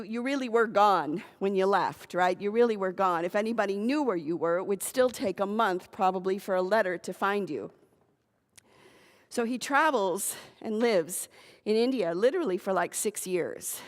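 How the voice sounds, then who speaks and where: Woman minister telling a sermon story. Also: mid-range voice. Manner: conversational, animated retelling with asides. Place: church sanctuary. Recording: long reverb of a church hall.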